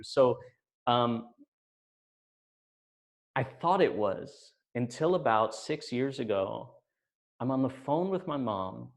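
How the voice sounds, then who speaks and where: Storyteller, male, 40s, wry deadpan delivery, even mid-range voice. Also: mid-range voice, moderate pace. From United States. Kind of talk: live personal storytelling.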